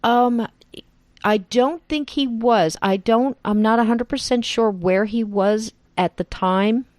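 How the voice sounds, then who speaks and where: A woman podcast host from New Jersey, with a Jersey accent tinged with Southern, chatting warmly and laughing often in a remote interview. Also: on the high side, takes it slowly, dry recording. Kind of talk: casual interview chat. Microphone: remote call.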